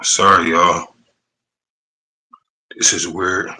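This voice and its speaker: A podcast host on a live stream talks loosely in casual slang, stumbling over words and apologizing, flustered by technical trouble. His deep voice is flat and sharp, with drawn-out words, captured poorly through a streaming setup mic.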